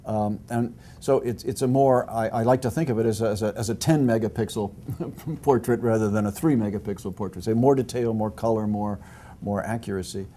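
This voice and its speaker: A man's voice: lowish voice, fairly quick, mellow, slight background noise. Older man, hesitant historian telling a story. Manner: hesitant, many restarts and fillers, dry humor. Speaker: historian and author, guest. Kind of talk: interview answers, storytelling.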